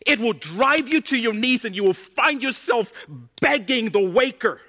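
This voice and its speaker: A man preaching a sermon as pastor, impassioned and building to loud, emphatic bursts. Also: extremely high pitch, animated, moderate pace.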